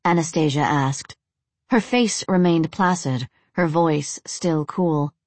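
A woman narrates a fantasy story in a measured, expressive read. Her voice is low, and the recording is dry and close, with no room sound. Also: dry recording.

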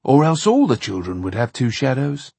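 A man's voice: medium pitch, very animated, moderate pace, vocal fry, darkish tone, husky, dry recording, heavily acted. A man voicing a matter-of-fact, logical companion in an audiobook. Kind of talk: audiobook narration.

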